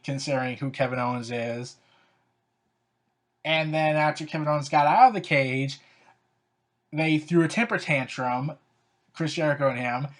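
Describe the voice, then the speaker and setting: A wrestling commentator giving casual opinion commentary, sarcastic and exasperated, with lots of "so, yeah" and "like" fillers. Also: mid-range voice.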